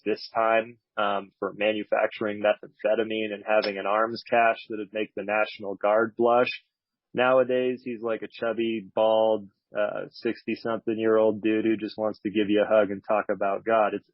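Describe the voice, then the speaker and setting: A man's voice: fairly low pitch, dry recording. A man giving a candid, reflective talk about his recovery at a support meeting, with a slightly wry manner, on a dull lo-fi recording. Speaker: speaker sharing at a recovery meeting.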